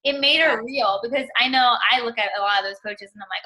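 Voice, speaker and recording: A woman with a bright, higher voice chats loosely through a group video call, full of "like" and "y'all." She hosts the call like a coach talking to her team. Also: quick pace, few pauses, poor audio. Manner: chatty, uses "y'all" and "like".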